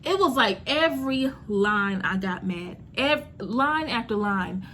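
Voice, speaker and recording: A young woman chatting casually as a TV recap vlogger, sassy and animated, talking straight to her viewers with lots of "girl" and "honey". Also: medium pitch, takes it slowly, slight background noise.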